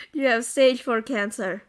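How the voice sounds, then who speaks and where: American girl with a high voice, chatty and giggly, swears a lot, gets defensive fast. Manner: laughs often, swears, playfully defensive. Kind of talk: casual banter.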